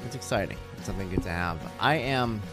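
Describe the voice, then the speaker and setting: Talking fast and expressively in a lowish voice, this thirty-something host chats alone on his podcast over background music. He rambles, jokes at his own expense and sounds worn out.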